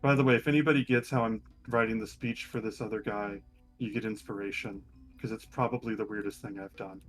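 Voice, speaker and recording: A man narrating as game master of a live-streamed tabletop game, relaxed and chatty with many pauses. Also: lowish voice, soft background music.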